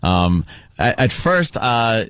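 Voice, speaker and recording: A man hosting a casual radio interview, asking quick, rambling questions on a studio mic in a radio studio. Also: on the low side, sing-song, fairly bright tone, clear, resonant tone. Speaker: host.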